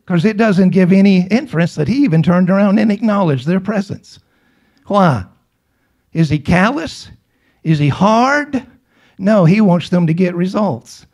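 A man's voice: high voice, lively intonation, unhurried, darkish tone. A middle-aged man preaching a sermon emphatically, repeating himself and putting questions to the congregation.

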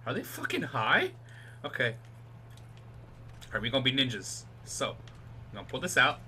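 A young man doing live let's-play commentary on his gameplay, excitable and profane, dropping to a whisper while sneaking. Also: mid-range voice, moderate pace, slight background noise.

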